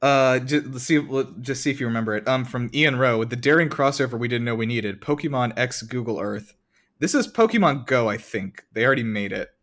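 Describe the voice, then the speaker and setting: A man's voice: mid-range voice, fairly quick, a bit bright. Rambling casual man co-hosting. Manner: rambling with many fillers and restarts. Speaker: podcast co-host. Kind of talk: casual chat.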